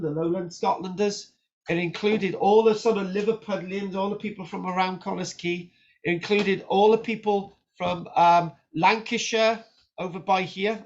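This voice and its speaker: A man's voice: high-pitched, dull audio. A man teaching history in a chatty, informal lecture. He often restarts his sentences and checks in with "right?". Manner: animated, chatty, frequent restarts and "right?" tags. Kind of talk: informal lecture with notes on screen.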